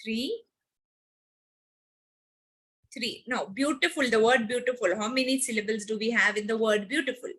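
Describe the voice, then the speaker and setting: A woman teacher, teaching a grammar lesson to children online. She repeats key words and slows down on examples. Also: on the high side, fairly bright tone, slightly rough.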